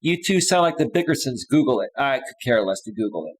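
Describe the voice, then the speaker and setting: A man's voice: mid-range voice, big pitch swings, quick pace. A man coaching on dating, talking casually on a live stream as he reads out chat comments and reacts to them, often tagging "right?" onto his points. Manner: emphatic, repeats "right?" often.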